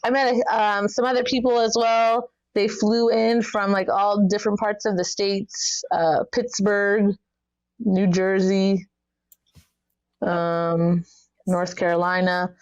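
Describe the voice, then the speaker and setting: A woman from Canada co-hosting a podcast, telling stories in an excitable, animated way. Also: medium pitch, takes it slowly, clear, resonant tone, no echo, dull audio. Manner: excitable, animated storytelling with laughs. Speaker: podcast co-host. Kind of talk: casual chat.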